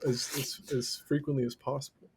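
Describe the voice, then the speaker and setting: A man co-hosting a casual comedy podcast, teasing and swearing in deadpan jokes. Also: mid-range voice, fairly quick, slight background noise. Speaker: podcast co-host.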